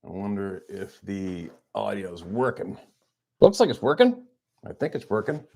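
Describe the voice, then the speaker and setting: A man's voice: fairly low pitch, big pitch swings, moderate pace, gravelly, a little mellow. A man hosting a hunting channel, chatting casually on a livestream from a farmhouse, playful and teasing. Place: small farmhouse at Christmas.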